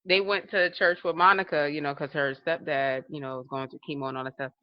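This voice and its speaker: A deep-voiced woman talks a little fast on a lo-fi recording without echo. As a podcast co-host in casual chat, she tells stories animatedly, frequently laughing and performing quotes.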